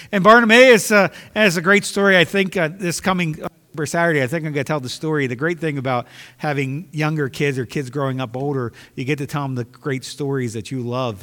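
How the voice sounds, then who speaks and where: A man's voice: on the high side, a bit bright. A man preaching a sermon with emphasis, repeating phrases to drive his points home. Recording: long hall reverb.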